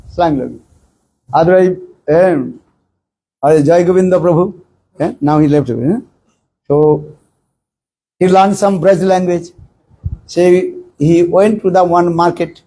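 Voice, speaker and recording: A man giving a slow, high-voiced sermon in broken English. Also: expressive, warm tone, breathy edge, low-quality recording. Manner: broken English, frequent questioning "eh?" to listeners; acts out short quoted exchanges with raised voice. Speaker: spiritual teacher giving a discourse. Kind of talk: informal sermon with anecdotes.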